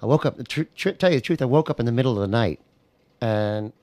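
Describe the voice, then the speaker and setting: A man's voice: medium pitch, animated, quick pace, darkish tone, no room sound. An American man who plays guitar and writes songs, talking casually in a radio interview with a rambling, easygoing manner and plenty of fillers. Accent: American, picking up Scottish words. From United States. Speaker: singer-songwriter guest. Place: radio studio.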